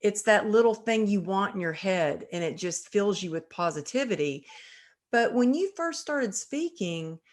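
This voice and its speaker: A woman hosting an interview show, telling her own stories in casual, animated chat. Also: medium pitch, measured pace. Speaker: podcast host.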